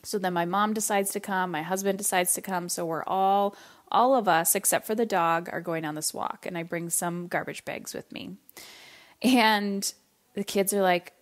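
A middle-aged woman from Canada tells a family story on her parenting podcast. She talks casually and with animation, mimicking her kids and throwing in the odd swear word. Her voice sits at a medium pitch. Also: moderate pace.

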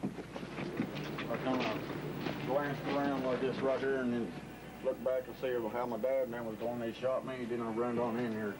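A man's voice: mid-range voice, level tone, moderate pace, pauses often. Matter-of-fact Appalachian man, noisy outdoors. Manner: plain-spoken, matter-of-fact. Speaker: interviewee. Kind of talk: plain first-person account.

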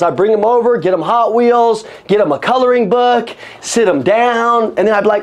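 A man giving an energetic motivational talk on sales to an audience, repeating phrases for emphasis. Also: very high-pitched, normal speed, hardly any pauses. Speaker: sales coach. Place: room with an audience.

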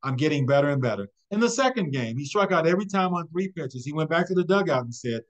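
A man presenting a webinar, telling a motivational story with a rhythmic, repeated refrain and building excitement. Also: fairly high pitch, fast, poor audio.

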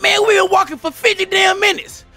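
A man's voice: very high-pitched, steady tone, fairly quick, bright, forceful tone, faint music behind. A man voicing a crude, laid-back cartoon character who cusses in slang. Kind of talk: comedic cartoon voice acting.

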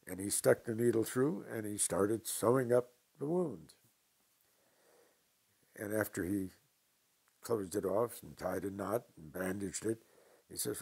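An older man from New York telling stories from his past slowly and with dry humor in an interview. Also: on the low side, gravelly, darkish tone, slightly rough. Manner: slow, deliberate anecdotes with dry humor. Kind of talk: storytelling interview.

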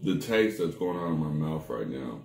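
A man's voice: very deep voice, big pitch swings, normal speed, gravelly, darkish tone. A man reviewing odd food combos for his viewers, groaning and complaining theatrically at every taste. His voice swings widely up and down. The sound bounces around a roomy, echoey space. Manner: dramatic, groaning reactions to the taste; talks straight to viewers as "people". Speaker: snack review vlogger. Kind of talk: casual food-tasting vlog talk.

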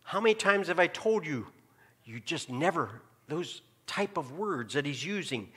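Pastor guy preaching, kinda high bright voice, asks the crowd stuff then gets real quiet. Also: very animated, unhurried, husky. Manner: preaching with rhetorical questions and sudden drops to a hushed tone. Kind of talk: sermon. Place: church sanctuary.

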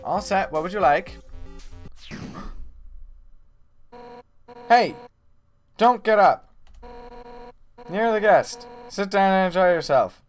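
A man voicing a brash, hot-headed female fish warrior, reading game dialogue aloud in a loud, blunt way. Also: mid-range voice, animated, moderate pace, natural voice. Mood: bossy. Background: game music.

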